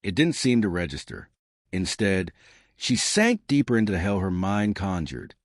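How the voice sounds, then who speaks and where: Low-voiced man narrating a horror story. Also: very animated, dry recording, clean studio sound. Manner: measured storytelling.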